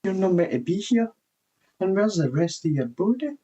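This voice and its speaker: A man doing a high-voiced talking moss. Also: sing-song, normal speed, warm tone. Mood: scolding. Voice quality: high, strained put-on voice. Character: chiding talking moss, gentle and odd.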